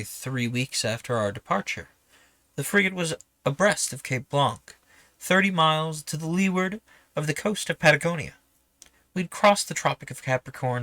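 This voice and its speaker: A man reading a classic novel aloud in a lively, expressive way, as a regular streaming reader. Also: mid-range voice, no echo. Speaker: audiobook reader.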